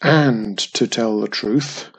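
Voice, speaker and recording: A woman voicing a stern father slime monster who scolds slowly. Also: extremely low pitch, breathy edge, exaggerated voice.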